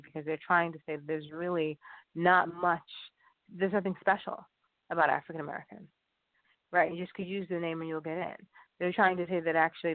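A man delivers a loose, rambling monologue, circling back and restarting his sentences. His voice sits a bit high. The sound is dry and tinny, like it came through a phone. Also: no room sound. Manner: rambling, repeats and restarts often. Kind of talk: casual monologue.

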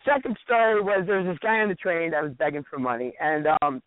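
A slightly high-voiced man talks quickly as a radio talk show co-host, telling stories with animation, swearing, and acting out other people's lines in casual chat. The recording is dry, with tinny, phone-like radio audio.

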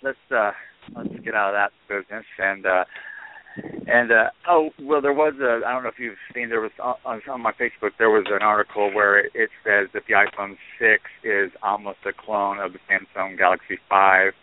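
A man's voice: on the low side, steady tone, a little fast. A man hosting a casual chat show, rambling with many fillers and restarts. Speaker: podcast host. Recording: tinny phone-line sound.

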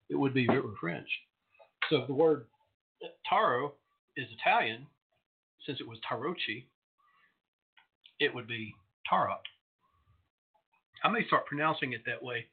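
Husky-voiced man rambling on a phone line. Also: mid-range voice. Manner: chatty, rambling, digressive with many fillers. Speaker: internet radio show host. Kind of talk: casual solo radio talk. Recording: tinny phone-line audio.

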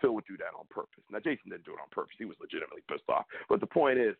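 A man co-hosting a casual sports talk show, animated and emphatic. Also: fairly low pitch, rapid-fire, gravelly, husky, dry recording. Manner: animated, emphatic, rising to loud peaks. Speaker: podcast co-host. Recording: tinny phone-line sound, dry.

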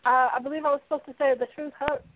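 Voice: high voice, little pitch movement, racing, lightly acted. A caller voicing a brash young woman wrestler with a sing-song manner who keeps calling people lad, heard over a phone line. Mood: cheeky. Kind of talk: call-in banter in character. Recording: tinny phone line, dry.

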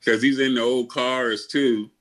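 A man's voice: mid-range voice, fairly even intonation, a little slow, fairly bright tone. An older man telling his story as a podcast guest, blunt and full of swearing, often restarting his sentences. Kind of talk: casual interview storytelling.

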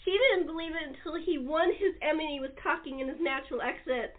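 A woman hosting a chat show, telling stories in a lively way and laughing often, heard over a phone-line recording. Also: high voice, fast talker. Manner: laughing, animated storyteller. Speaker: talk show host. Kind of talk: casual chat.

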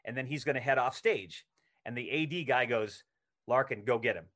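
A man's voice: mid-range voice, normal speed. A middle-aged male actor, a podcast guest, telling a story in casual conversation and acting out the lines he quotes. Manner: animated anecdote telling, acts out quoted lines.

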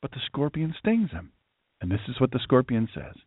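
Emphatic preacher-host on a tinny line. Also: male voice, medium pitch, wildly swooping pitch, normal speed, slightly rough, no room sound. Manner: emphatic, ranting, storytelling. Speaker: host, pastor. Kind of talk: political talk show monologue. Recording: tinny phone-like line, dry.

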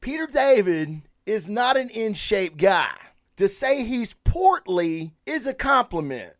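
Dude hosting his podcast, swearing a lot, all amped up, voice kinda on the higher side. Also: slow. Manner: profane, excitable, rambling. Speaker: podcast host. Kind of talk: casual storytelling monologue.

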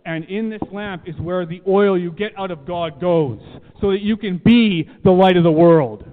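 A man's voice: high-pitched, normal speed. A man preaching a sermon to a room, emphatic and repeating key phrases, asking the listeners questions. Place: church room. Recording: tinny phone-like sound, long reverb.

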